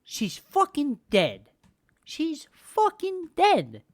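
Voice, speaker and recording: A woman's voice: mid-range voice, sing-song, moderate pace, fairly bright tone, dry recording. A woman quoting a blunt, angry young male game hero in a curt, swearing voice close to her own.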